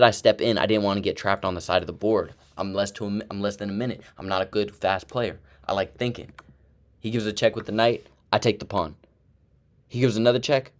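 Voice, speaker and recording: A young man excitedly giving play-by-play commentary on his own chess game, talking to himself as he goes. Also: lowish voice. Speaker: chess streamer.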